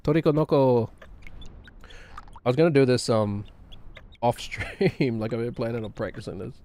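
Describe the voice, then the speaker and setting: A man's voice: mid-range voice, moderate pace, mellow. A man chatting casually on a game stream, rambling and poking fun at himself. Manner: rambling, self-mocking, laughs often. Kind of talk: casual live-stream chat.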